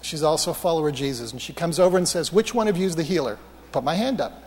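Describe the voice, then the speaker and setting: A man preaching a sermon, telling healing stories in an animated, anecdotal way with self-mocking humor. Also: a little high, quick pace, big-room sound. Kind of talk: storytelling sermon.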